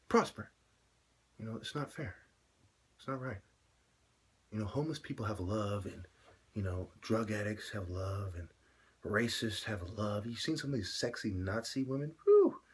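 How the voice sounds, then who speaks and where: A man ranting alone to camera, full of "you know"s, swinging from a low mutter to loud shouts. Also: moderate pace, pauses often, slight background noise. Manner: filler-heavy, many "you know"s. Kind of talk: solo rant to camera.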